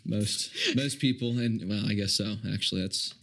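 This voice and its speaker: A man, a podcast guest, improvising a comedy film pitch in a rambling, animated way with many fillers. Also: normal speed.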